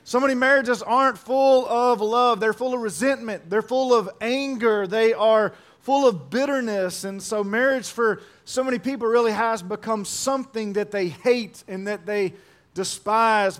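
A middle-aged male pastor with a notably high voice delivers his sermon. He is animated and playful, tells jokes, and drives points home by repeating them. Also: moderate pace.

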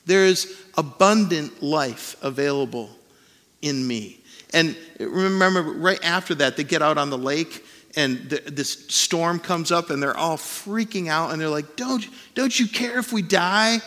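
Man, pastor, sermon, earnest emphatic teaching, bright tense voice, long reverb in a church hall. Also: on the high side, measured pace.

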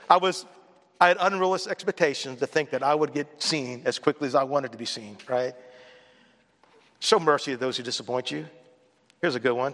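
Male pastor, bright forceful delivery, conversational sermon storyteller, long hall reverb. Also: a little high. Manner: conversational storytelling preacher, mimics others with a raised voice.

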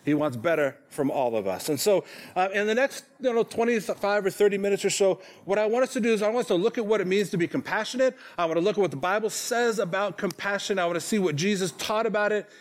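High-voiced pastor preaching conversationally. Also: male voice, quick pace, hardly any pauses. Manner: conversational, self-deprecating, frequent "okay?" check-ins. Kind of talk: sermon. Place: church sanctuary.

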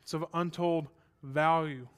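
A male pastor delivering a sermon in a smooth, clear voice that sits a little high for a man. He talks earnestly, building to emphatic passages, and mixes in dry, offhand asides. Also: fairly even intonation, a little slow.

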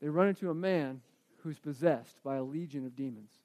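A man preaching a sermon, asking the congregation questions and swinging between emphatic declarations and quiet reflection. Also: fairly high pitch, brisk.

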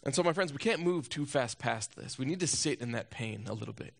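A man preaching a sermon as a pastor, telling a personal story and asking rhetorical questions, swinging between loud urgency and hushed moments. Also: mid-range voice, expressive, a little fast, vocal fry.

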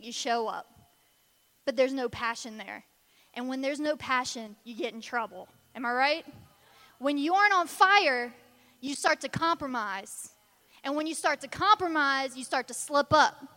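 A woman's voice: high-pitched, pushed and bright, in a large hall. A woman preaching a sermon in an emphatic, conversational way.

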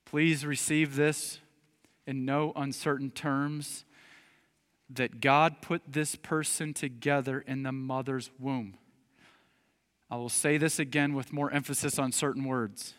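A man preaching a sermon, emphatic, rising to loud appeals and dropping to quiet earnest asides. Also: medium pitch, fairly even intonation, measured pace, clean tone. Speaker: pastor. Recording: long hall reverb.

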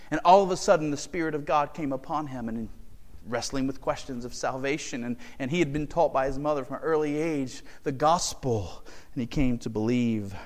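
A man preaching a sermon as pastor, rising to fervent, emphatic peaks and dropping to hushed, near-whispered pleading. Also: medium pitch, normal speed, in a large hall.

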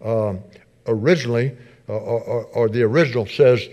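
A middle-aged man preaching a sermon as pastor, earnest, repeating his phrases and building in intensity, softer when he prays. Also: mid-range voice, moderate pace. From United States. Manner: soft, subdued when praying.

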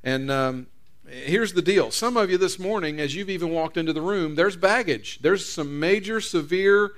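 Male pastor, sermon, casual storytelling, frequent restarts, high voice. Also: normal speed, fairly bright tone. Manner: conversational storytelling with repeated restarts.

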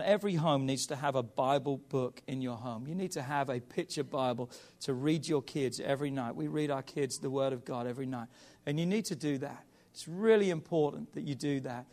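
Man, pastor, family sermon, children's Bible story reading, animated storyteller, fairly high voice. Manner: animated storyteller, calls on the audience to repeat lines.

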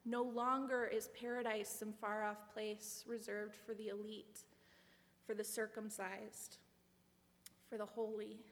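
A woman's voice: medium pitch, little pitch movement, measured pace. A woman giving a sermon, earnest and reflective, with a personal story. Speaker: preacher. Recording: long hall reverb.

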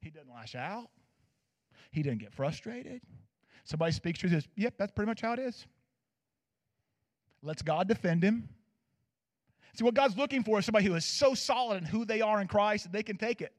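A man preaching a sermon as pastor, swinging from loud declarations to hushed asides and checking in with his listeners. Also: sits high, animated, brisk, long pauses. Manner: asks the audience for agreement.

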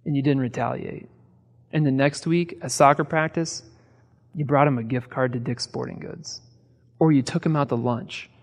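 Guy preaching a sermon, kinda high voice, lots of why questions and jokes, long echo from a big hall. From American Midwest. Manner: conversational preaching with rhetorical questions and humor. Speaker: pastor. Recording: reverberant hall.

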